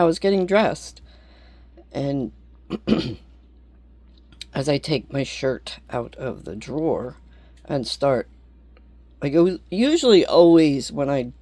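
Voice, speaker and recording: A woman vlogger rambles at an unhurried, drawn-out pace, blunt and quick to swear. Her voice sits close and dry, with almost no room sound around it. She laughs easily between thoughts. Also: rumbling low, mellow, no echo. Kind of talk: casual rambling monologue.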